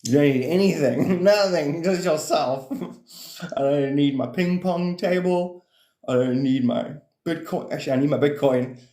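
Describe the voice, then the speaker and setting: A man's voice: fairly high pitch, unhurried, dark tone, reverberant. A man rambling through casual livestream chat about spirituality, swearing freely and laughing often.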